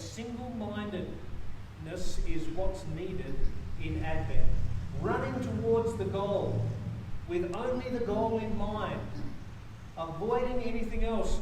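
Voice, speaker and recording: Australian pastor telling a story, high voice. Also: male voice, unhurried, background noise. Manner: anecdotal, conversational with self-corrections. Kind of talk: sermon with a personal story. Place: church. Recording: echoey church, mic from far off.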